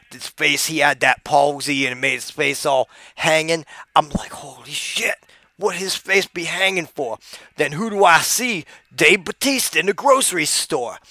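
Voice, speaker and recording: A man's voice: fairly high pitch, dry recording. A man doing a brash, rowdy wrestling braggart. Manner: rowdy, drawling, shouts a taunting catchphrase. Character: brash boastful male wrestling personality, bragging storyteller. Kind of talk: comic impression.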